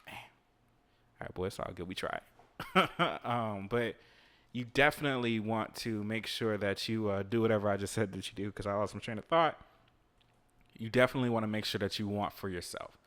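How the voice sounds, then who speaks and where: A man's voice: on the low side, fairly quick, fairly bright tone. A man hosting a podcast, giving laid-back motivational advice in casual speech, swearing, laughing and chatting to listeners while he plays a video game. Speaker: podcast host.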